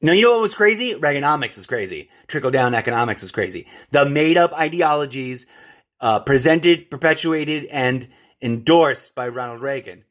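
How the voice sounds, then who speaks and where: Speaking at a normal speed, a man with a mid-range, slightly bright and animated voice runs a one-man podcast. He rants, digresses, keeps correcting himself mid-sentence, and calls his listeners "folks" and "friends."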